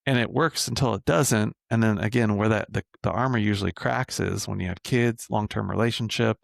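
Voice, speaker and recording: A man's voice: fairly low pitch, fairly quick, gravelly, no echo, clean studio sound. A man working as a men's coach, talking casually in a podcast interview and tagging his points with "right?" and the odd swear word. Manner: conversational, frequent "right?" tags.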